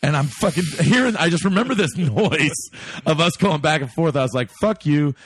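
A man's voice: a little high, brisk, slightly rough, no room sound, clean studio sound. A man telling a crude personal story, swearing a lot and acting out what people said. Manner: animated, swears constantly, acts out quotes.

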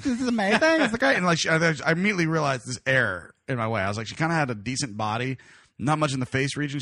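A man's voice: mid-range voice, a bit bright, dry recording, studio quality. A man, hosting a podcast and telling a crude story with many laughs while putting on voices for the people in it. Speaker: podcast host. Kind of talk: casual storytelling chat.

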